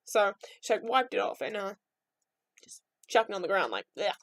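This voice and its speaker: A woman's voice: mid-range voice, sing-song, normal speed, a bit bright, dry recording. A young woman telling myths as a casual, rambling vlog story, full of irreverent asides. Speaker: vlogger.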